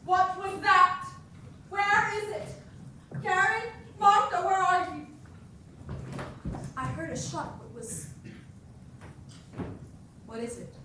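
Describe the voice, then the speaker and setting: A woman's voice: extremely high pitch, takes it slowly, long pauses, sharp tone, a little hiss or hum, heavily acted. A young actress on a school stage playing a fussy, frightened older woman who stammers and frets. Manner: stammering, fretful and breathless. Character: fussy aging woman, a former actress, frightened and self-pitying. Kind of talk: live stage acting. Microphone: distant room mic. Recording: echoey hall recorded from far off.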